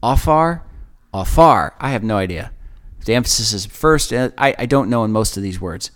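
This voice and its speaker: Earnest man teaching scripture. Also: on the low side. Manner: reflective, earnest, emphatic pauses. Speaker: podcast host leading Bible study. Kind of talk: conversational Bible teaching.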